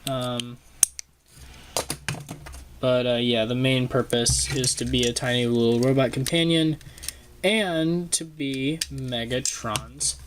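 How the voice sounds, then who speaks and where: A young man reviewing a toy at his desk in a casual, halting way, with frequent ums and uhs, filmed on the camera's own microphone. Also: mid-range voice, steady tone, background noise. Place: home desk filming a toy close up.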